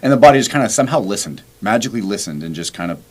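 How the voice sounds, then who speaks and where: A man with a voice on the low side talks very fast as he hosts a podcast. In casual chat he tells a story, animatedly acting out the dialogue of the people involved.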